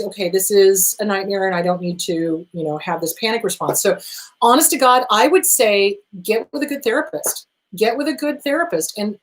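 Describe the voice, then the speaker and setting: A middle-aged woman therapist hosting an advice show, answering viewer questions in an emphatic, animated way and talking straight to the listener. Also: mid-range voice, low-quality recording. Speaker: therapist host.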